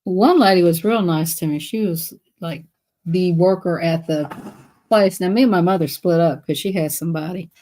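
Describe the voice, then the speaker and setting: A woman's voice: fairly low pitch, normal speed, dark tone. A woman with a Southern US accent chatting on a live stream, telling rambling stories and laughing between phrases. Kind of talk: casual storytelling to viewers.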